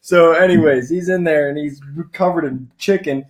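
A man's voice: fairly high pitch, moderate pace, noisy background. A man casually telling a funny story on a podcast with friends, laughing and acting out the people in it. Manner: animated, laughing, acts out voices in quotes.

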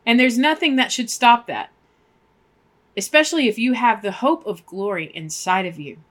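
A woman's voice: a little high, expressive, normal speed, a bit bright. A woman co-hosting a faith podcast, talking emphatically and acting out prayers as she goes. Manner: emphatic, preachy, acts out prayers. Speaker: podcast co-host.

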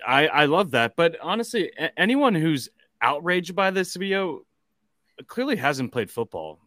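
A man's voice: a little high, sing-song, a little slow, pushed and bright, no room sound, clean studio sound. A man co-hosting a casual sports podcast, making wry, joking asides. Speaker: podcast co-host.

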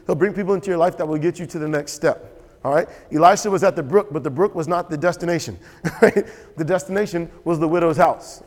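A male pastor delivering a sermon with a fairly high voice. He is emphatic and repetitive, hammering his points home and asking the congregation for agreement. His voice rings out with the long reverb of a large hall. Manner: emphatic and repetitive, asks the audience for assent.

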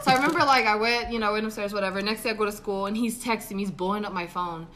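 A woman's voice: mid-range voice, very fast, noisy background. A woman in her twenties on a podcast, telling a dating story casually, acting out quotes with lots of swearing and laughter. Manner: animated, swearing, acts out quotes, laughs often. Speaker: podcast co-host.

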